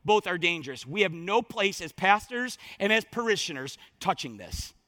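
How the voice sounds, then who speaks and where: A man preaching a sermon as pastor, emphatic and repetitive, swinging from loud declarations to hushed words. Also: high voice, expressive, normal speed, no echo.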